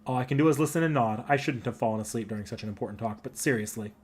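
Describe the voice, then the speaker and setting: A man reading a visual novel aloud, narrating in a soft, earnest first person. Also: medium pitch, racing, husky. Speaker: anime club member narrating a game.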